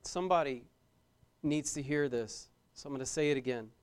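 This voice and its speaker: A man's voice: medium pitch, a little fast, clear, resonant tone. A young man preaching a sermon as a pastor, emphatic, repeating key phrases and questioning his listeners.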